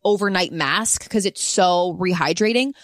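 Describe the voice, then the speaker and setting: A woman's voice: fairly low pitch, no room sound, studio quality. Enthusiastic woman podcast co-host. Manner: enthusiastic, blunt, quick reactions. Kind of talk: casual chat.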